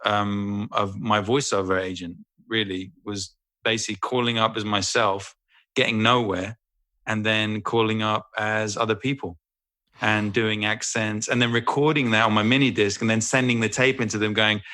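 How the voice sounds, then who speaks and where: Bright-voiced man telling a lively story. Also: fairly low pitch, normal speed. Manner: animated storyteller, swears freely, slips into voices. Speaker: actor and guest. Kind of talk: casual interview anecdote.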